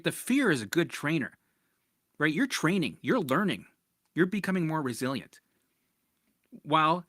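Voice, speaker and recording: Animated man coaching through anxiety. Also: a little high, no room sound, clean studio sound. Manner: animated, acts out panicked voices, swears casually. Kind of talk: casual coaching monologue.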